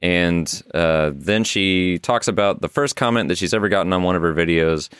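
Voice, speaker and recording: A man's voice: deep voice, moderate pace, fairly bright tone, clean tone, no room sound, clean studio sound. A man co-hosting a podcast, loosely recapping an internet mystery with some swearing and frequent laughs. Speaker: podcast co-host. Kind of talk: casual podcast story recap.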